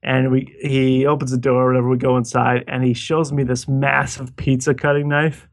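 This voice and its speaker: A man's voice: mid-range voice, little pitch movement, normal speed, creaky. A man co-hosting a casual podcast over a call, telling a long story in a rambling way, full of swearing and restarts. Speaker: podcast co-host. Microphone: Skype call.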